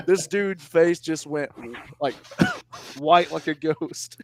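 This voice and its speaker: A man's voice: fairly high pitch, extremely slow, gravelly, long pauses, a little hiss or hum. A young man, a wrestling commentator, telling a story in casual podcast chat, acting out quotes and laughing often.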